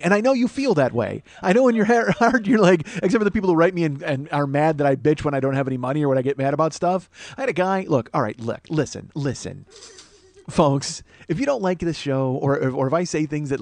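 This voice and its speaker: A man's voice: a little high, animated, fast talker, darkish tone, dry recording. A man in his forties hosting a comedy podcast, delivering a profane, exasperated solo rant that swings between mock outrage and mumbling. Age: 40s.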